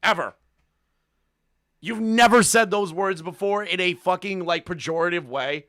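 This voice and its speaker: A man's voice: high voice, unhurried, a bit bright, no echo, clean studio sound. A man streaming live, reacting to a call with crude, mocking commentary and frequent laughter. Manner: profane, mocking, laughs often.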